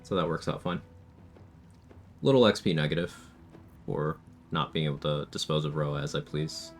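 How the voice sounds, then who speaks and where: A man's voice: very deep voice, normal speed, faint music behind. A man streaming a challenge run, explaining his tactics in a casual, matter-of-fact way as he plays. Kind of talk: casual live-stream gameplay commentary.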